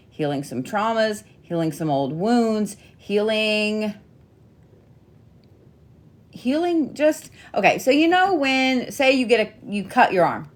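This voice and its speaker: A middle-aged woman giving a casual weekly zodiac card reading, chatty and playful with frequent swearing. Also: mid-range voice. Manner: chatty, profane, playful teasing. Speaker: tarot and zodiac reader.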